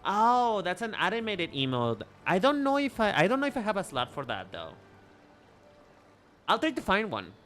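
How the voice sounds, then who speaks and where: A man's voice: high voice, huge pitch swings, moderate pace, a bit bright, slight background noise. A man chatting casually to his viewers while livestreaming a game, playful and teasing, often repeating and restarting his words. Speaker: VTuber streamer.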